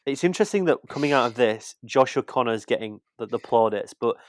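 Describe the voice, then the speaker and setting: A man's voice: mid-range voice, expressive, brisk. A British man in casual podcast chat, rambling and restarting his sentences as he talks about film. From Britain. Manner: rambling, repeats words and restarts. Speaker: podcast co-host, film critic.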